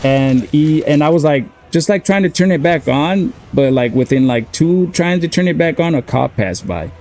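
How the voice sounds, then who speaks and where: A man's voice: on the high side, expressive, normal speed, a little mellow, soft background music. A man in his thirties telling a long story in a loose, casual way, full of fillers and swearing. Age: 30s. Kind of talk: casual storytelling while gaming.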